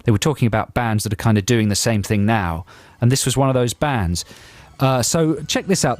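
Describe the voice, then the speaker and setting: A man's voice: mid-range voice, a little fast, hardly any pauses. A man with an English accent co-hosting a casual radio show. He rambles, stops himself partway through words and makes wry asides. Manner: rambling, self-interrupting, wry. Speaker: radio host. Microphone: studio microphone.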